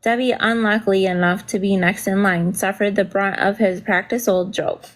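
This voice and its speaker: A woman's voice: mid-range voice, fairly even intonation, normal speed, rough recording. A woman reading a novel aloud during a casual stream, with brief asides and spelled-out words.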